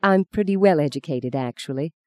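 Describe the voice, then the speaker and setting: A reader voicing Justine, a cool, self-possessed young woman with a crisp, dry, teasing manner. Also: medium pitch, a little fast, a little mellow, dry recording, natural voice.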